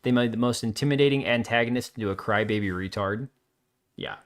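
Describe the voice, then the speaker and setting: Speaking fairly quickly at medium pitch, a livestream host reads viewer comments and throws out blunt, sarcastic responses. His manner is loose, casual and unscripted.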